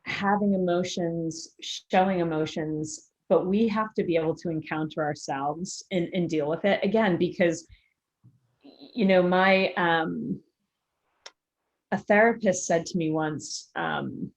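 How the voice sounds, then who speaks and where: A coach appearing as a guest in a casual interview chat talks candidly and openly about her own parenting, laughing easily. Her voice is fairly low and her pace unhurried.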